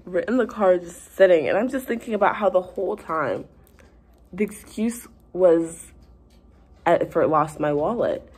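A young woman vlogger chatting through a funny dating story, animated and full of fillers. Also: on the low side, a little slow, breathy edge. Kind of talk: casual storytime chat.

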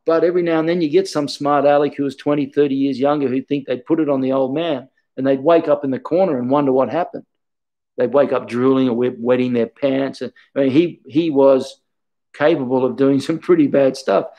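A man's voice: medium pitch, steady tone, fairly quick, mellow, dull audio. A man, a karate instructor talking casually in an interview, telling stories in an earnest, reflective way.

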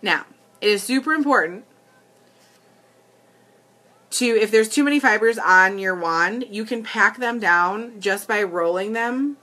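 With a mid-range voice that sounds pushed and bright, a woman demonstrates makeup on a livestream at a measured pace, pausing often. She chats casually, speaks right to her viewers, and giggles readily, laughing often.

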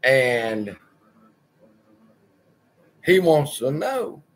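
Husky, slow-talking man telling a story. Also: mid-range voice, very animated. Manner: profane, rambling and wry. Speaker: channel host. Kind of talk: casual personal storytelling.

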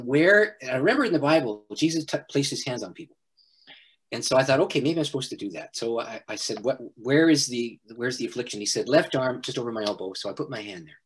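A middle-aged man, a pastor, telling a personal story in an interview, animated and often laughing. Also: mid-range voice, husky. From Canada.

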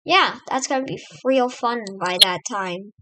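A woman's voice: a little high, unhurried, pushed and bright, slight background noise, rough recording. An American woman hosting a let's play, giving casual, rambling gameplay commentary and chatting to her in-game pets. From United States.

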